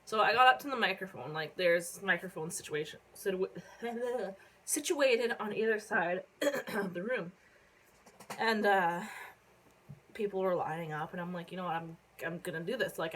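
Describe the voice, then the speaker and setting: A young woman from Canada telling a casual story on her phone vlog, rambling with lots of fillers and casual swearing while she hiccups and keeps clearing her throat. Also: on the low side, fairly bright tone, slight background noise, rough recording. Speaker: vlogger.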